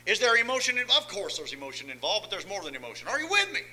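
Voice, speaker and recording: A man preaching a sermon, swinging between soft asides and loud emphatic lines, often asking the congregation if they follow. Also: high voice, wildly swooping pitch, racing, poor audio. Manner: folksy, asks listeners if they follow.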